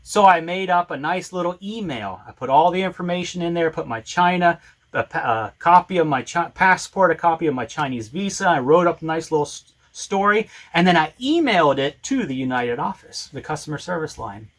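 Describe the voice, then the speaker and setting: A man with a fairly high voice tells a personal story in a casual, animated way. He slips into the other people's lines as he goes and often restarts his words. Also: fairly quick. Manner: animated retelling with acted-out dialogue and frequent restarts. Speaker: storyteller recounting a travel ordeal.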